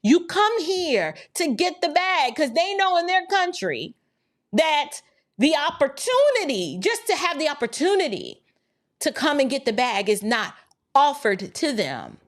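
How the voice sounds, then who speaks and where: A woman's voice: high-pitched, very animated, a little slow. A woman hosting an opinion podcast, talking emphatically and preachily with rhetorical questions, and reading viewer chats. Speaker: podcast host.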